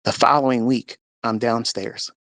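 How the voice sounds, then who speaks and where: A man's voice: medium pitch, steady tone, normal speed, gravelly, a bit bright, dry recording. A man giving an emotional, earnest personal faith testimony in a live audio chat, acting out the dialogue as he tells it. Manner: earnest, emotional storyteller who acts out dialogue. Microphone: personal mic or phone in a live audio room.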